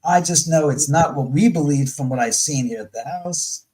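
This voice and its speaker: A middle-aged guest with a slightly high voice talks at a moderate pace in casual chat, blunt and profane. He animatedly acts out other people's words, and the recording quality is low.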